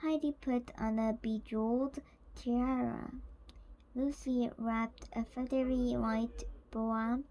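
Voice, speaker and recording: A woman reading a children's picture book aloud in a slow, careful, gentle way. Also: fairly high pitch, fairly even intonation, dull audio. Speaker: storyteller.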